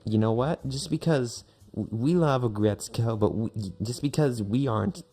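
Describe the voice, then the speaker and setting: A man's voice: mid-range voice, normal speed, dark tone, voice pushed up, close to an everyday voice. A man voicing a laid-back male metal fan and anime weeb who rambles and swears casually. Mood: defiant.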